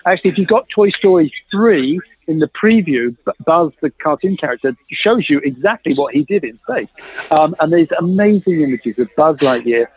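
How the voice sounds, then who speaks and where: A man's voice: on the high side, moderate pace, slightly rough, dry recording. A man telling a long story in a chat, acting out the dialogue he quotes. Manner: lively, acts out quoted dialogue, laughs often. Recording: tinny phone-like line, dry.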